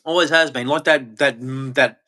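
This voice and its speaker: A man's voice: mid-range voice, steady tone, normal speed, pushed and bright. A man with an Australian accent delivering a heated, profane rant as host of a live stream. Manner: angry, profane, blunt ranting. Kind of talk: ranting monologue.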